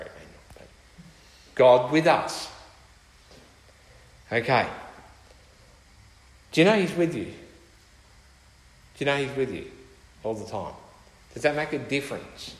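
Guy preaching a sermon, emphatic, lots of questions, echoey hall. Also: mid-range voice. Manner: emphatic, asks rhetorical questions. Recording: echoey hall with long reverb.

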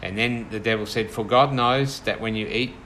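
In a low-quality recording, a man with a rather low voice guides a small group through an informal Bible study. His delivery is thoughtful and halting, packed with fillers and restarts, over a faint hiss.

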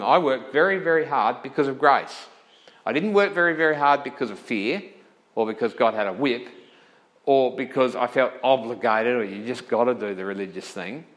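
A man's voice: medium pitch, moderate pace, a bit bright, rough recording. A male pastor giving a conversational sermon, often checking in with listeners and correcting himself as he thinks aloud.

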